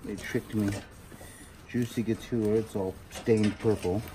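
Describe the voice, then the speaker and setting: A man's voice: fairly low pitch, fairly even intonation, unhurried, heavy background noise. A man vlogging casually from inside a storage unit, joking as he sorts through finds. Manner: joking, playful. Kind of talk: casual chat while unboxing.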